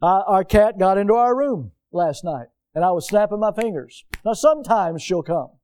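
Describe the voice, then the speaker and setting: A man preaching a sermon from the pulpit in a lively, conversational way, full of repetition and everyday asides. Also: high voice, moderate pace, clear, resonant tone. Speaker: pastor. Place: church.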